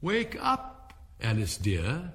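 A man voicing a kindly older sister who speaks gently and soothingly. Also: on the high side, huge pitch swings, slow pace, pitched above the performer's own voice, exaggerated voice. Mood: gentle.

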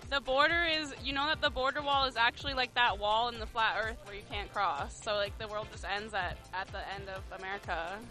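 A woman's voice: a little high, brisk, hardly any pauses, bright, forceful tone, soft background music, low-quality recording. A woman in casual chat, joking and rambling playfully with lots of fillers. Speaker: interviewee.

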